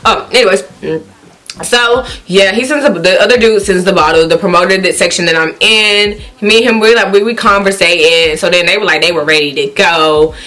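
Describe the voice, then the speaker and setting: A woman with a Southern country accent telling a story on her vlog, animated and acting out what people said in high, excited exclamations. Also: fairly quick, few pauses. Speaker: vlogger.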